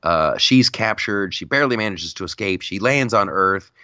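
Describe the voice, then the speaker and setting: A man's voice: lowish voice, lively intonation, moderate pace, pushed and bright, smooth, dry recording, highs cut off. A man co-hosting a podcast, chatting casually and ranting about a movie, acting out scenes in mocking voices. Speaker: podcast co-host. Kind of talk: casual chat, movie rant.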